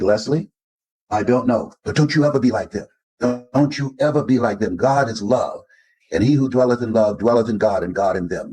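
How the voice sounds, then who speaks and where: A man's voice: mid-range voice, darkish tone, slightly rough, rough recording. An older man from Florida, a motivational speaker telling stories in an interview and acting out the voices he quotes. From Florida, United States. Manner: emphatic storyteller who acts out quoted voices. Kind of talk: interview storytelling.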